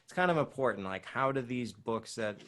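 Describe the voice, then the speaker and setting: Young man, podcast guest, bright voice, laid-back rambling talk with casual swearing. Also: mid-range voice, lively intonation, brisk, slight background noise. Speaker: guest, breath coach. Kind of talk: casual chat.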